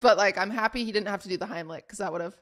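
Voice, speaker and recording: A young woman co-hosting a podcast, telling a story in a rambling, animated way full of "like". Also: mid-range voice, rapid-fire. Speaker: podcast co-host. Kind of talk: casual chat storytelling.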